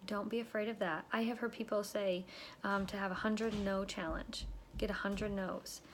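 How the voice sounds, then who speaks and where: Instructing direct sellers, this consultant talks in a loose, conversational style, her pitch sitting comfortably in the middle. Frequent "okay?" check-ins and bits of her customer patter fill the talk, and faint room hum runs underneath.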